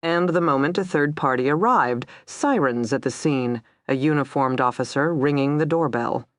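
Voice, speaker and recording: A narrator reading a crime thriller aloud in first person, tense and steady. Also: medium pitch, normal speed, no room sound, clean studio sound.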